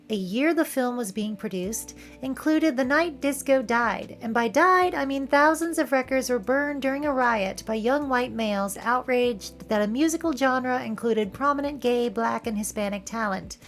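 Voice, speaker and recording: A woman with a Californian Valley Girl accent talks casually over film clips, playful and wry. Her voice sits high. A little music plays softly underneath. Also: moderate pace, few pauses. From San Francisco area, California. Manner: playful, wry, joking asides. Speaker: video essay host.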